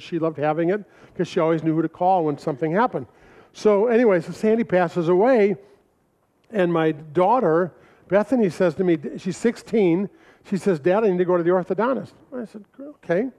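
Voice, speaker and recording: A middle-aged man telling animated personal stories to an audience, acting out quoted voices and laughing often. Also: sits high, fairly quick. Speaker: speaker presenting his family records manual. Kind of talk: storytelling talk to an audience. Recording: dull lo-fi recording.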